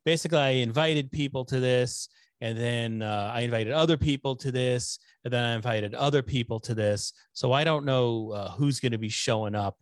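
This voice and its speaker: A middle-aged man hosting a casual livestream from home, rambling and joking at his own expense, a little hoarse from talking. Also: medium pitch, moderate pace, no echo, clean studio sound. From Connecticut. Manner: rambling, self-deprecating, joking. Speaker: host of a nonprofit news livestream. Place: home room lit with LED lights. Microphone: desktop microphone.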